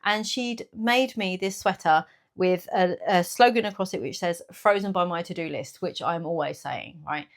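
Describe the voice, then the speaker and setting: A woman, chatting casually in a small business vlog, animated and laughing often. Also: lowish voice, normal speed. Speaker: small business owner and vlogger. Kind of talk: casual chat to camera.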